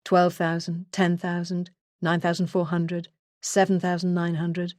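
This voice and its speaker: Woman narrator for a first-person true crime audiobook: low voice, measured and earnest, close and dry. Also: completely flat delivery, darkish tone, dry recording.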